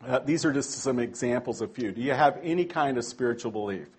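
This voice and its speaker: A man's voice: medium pitch, expressive, brisk, breathy edge. A man teaching a church training class in a conversational way, tossing in rhetorical asides and correcting himself aloud. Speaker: Bible teacher.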